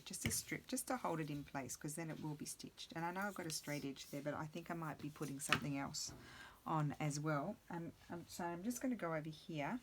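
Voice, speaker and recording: A woman's voice: sits low, fairly quick, noisy background. A middle-aged woman chatting casually and rambling to herself while she crafts at her table. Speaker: crafting video host.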